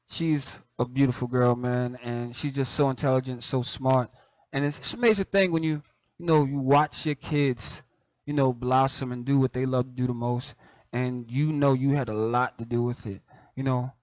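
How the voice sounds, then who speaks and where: A middle-aged man with a light Southern accent hosts his show, talking in a relaxed, conversational way full of "you know" and soft laughs. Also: medium pitch, no echo. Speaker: host. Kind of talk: casual reflective monologue.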